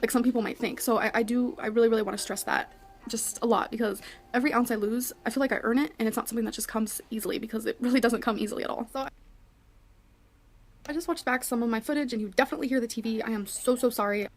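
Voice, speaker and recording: A woman's voice: on the high side, steady tone, quick pace. A woman vlogger talking casually to her viewers and reading her notes aloud, apologetic and chatty. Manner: apologetic, chatty, giggly asides.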